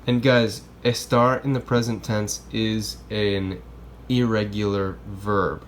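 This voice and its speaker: A man's voice: fairly low pitch, little pitch movement, takes it slowly, a little hiss or hum. A man who teaches Spanish, explaining grammar in a casual, chatty classroom style and often checking in with "okay?" and "right?".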